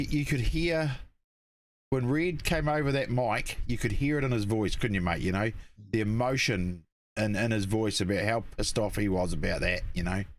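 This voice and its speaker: A man with a New Zealand accent co-hosting a casual talk show, easygoing and upbeat, with mild swearing. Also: medium pitch. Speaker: co-host. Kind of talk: casual podcast chat.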